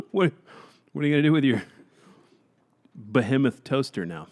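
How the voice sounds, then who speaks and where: A man's voice: medium pitch, expressive, unhurried, a little mellow. A young man co-hosting a comedy podcast, teasing his partner and laughing often in casual chat. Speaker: podcast co-host.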